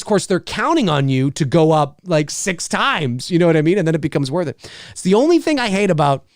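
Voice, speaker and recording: Man, livestream host, casual rambling chat, fairly high voice, very animated, dry close sound. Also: no echo. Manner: rambling, laughs often, restarts lines.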